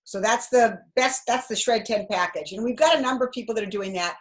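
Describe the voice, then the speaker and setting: A woman's voice: a little high, fairly quick. A woman on a team conference call asking a long, chatty question.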